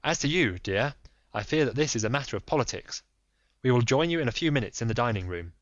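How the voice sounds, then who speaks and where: Anxious excitable minister, read by a man, urgent and emphatic, muffled dry sound. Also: medium pitch, quick pace, dry recording, lightly acted. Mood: eager. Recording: dull dry recording.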